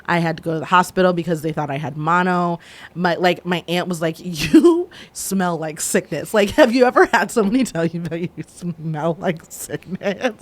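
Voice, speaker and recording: A woman's voice: on the low side, brisk, slight background noise. A woman co-hosting a podcast in casual chat, laughing often and acting out quoted voices. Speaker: podcast co-host.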